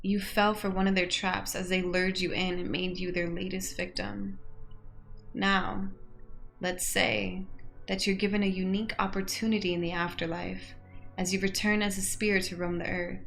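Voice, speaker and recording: A young woman reads game prompts aloud and chats through her answers, with a lot of vocal fry in her voice. Her pitch sits in an ordinary middle range, and faint music plays underneath. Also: little pitch movement, moderate pace, a bit bright. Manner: chatty, laughs often, gets emotional. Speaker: gaming YouTuber. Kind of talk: reading game questions aloud and reacting.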